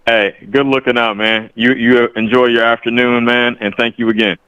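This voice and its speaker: A man's voice: mid-range voice, little pitch movement, normal speed, pushed and bright, clear, resonant tone, dry recording, muffled recording. A man from the Bay Area calling in to chat about boxing, polite and chatty with plenty of fillers. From Bay Area, California. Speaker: caller. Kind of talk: casual call-in chat.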